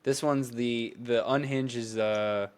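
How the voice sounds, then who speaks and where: A young man co-hosting a casual chat podcast, talking in animated, rambling bursts and acting out quoted voices. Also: medium pitch, takes it slowly, clean tone. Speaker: podcast co-host.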